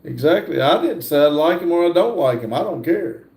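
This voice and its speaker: An older man hosting a livestream, reading viewer comments aloud and answering in a relaxed, casual way. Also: a little high, echoey room. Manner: slow, laid-back reading of comments aloud. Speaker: livestream host reading chat.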